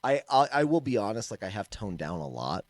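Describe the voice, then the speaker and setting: A man co-hosting a casual podcast, an animated storyteller who laughs often and trails off and restarts. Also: lowish voice, a little fast, dry recording. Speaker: podcast co-host, martial arts instructor.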